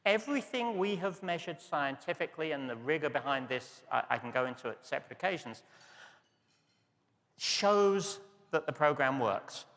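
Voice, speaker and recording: A man's voice: medium pitch, animated, moderate pace, fairly bright tone. A man in his sixties giving a chatty, self-deprecating luncheon speech as a psychiatry professor, with many "uh" fillers. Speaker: professor of psychiatry, guest speaker. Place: large banquet hall. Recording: long reverb of a large hall.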